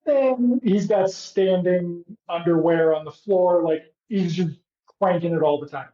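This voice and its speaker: This podcast co-host has a high, mellow voice and an unhurried pace. Recapping a show, he trades sarcastic, profane jokes in relaxed banter, captured in an echoey, dull lo-fi room.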